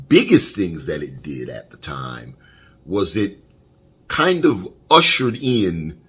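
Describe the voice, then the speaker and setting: A man thoughtfully recalling a past broadcast in an interview, pausing as he remembers. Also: sits low, fairly bright tone, husky. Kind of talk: reflective retrospective interview.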